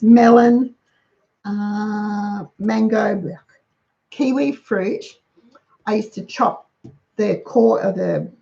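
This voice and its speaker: A middle-aged woman talks through household tips in a relaxed, practical way, listing items one after another. Her voice has a gravelly fry. The recording sounds dull and lo-fi. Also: mid-range voice. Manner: chatty, practical, runs through lists. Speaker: host giving lunchbox tips. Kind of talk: casual how-to talk.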